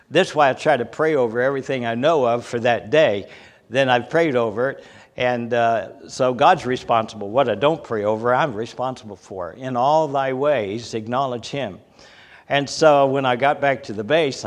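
A man's voice: medium pitch, moderate pace. An older man preaching a folksy sermon, telling personal stories with a chuckle. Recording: hall reverb.

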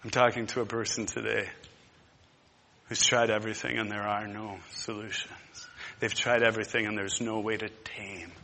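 A man preaching a sermon, impassioned and emphatic. He moves between hushed and loud. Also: fairly low pitch, level tone, moderate pace, gravelly, big-room sound, slight background noise. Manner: repetitive, emphatic.

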